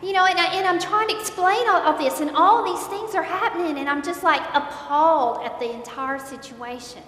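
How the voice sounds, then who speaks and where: A woman's voice: normal speed, hardly any pauses, a bit bright. A woman giving an earnest faith testimony, retelling events and repeating herself as she speaks. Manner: earnest, repeats words while recounting, voice rises in dismay. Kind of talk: emotional faith testimony storytelling. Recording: echoey hall, faint rumble.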